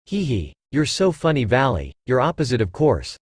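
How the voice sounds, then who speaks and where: A teasing, purring female cat-demon from a storybook reading, lively in her lilt as a man reads her lines. She speaks in a dry, close sound. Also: medium pitch, normal speed, husky, dry recording. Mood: playful.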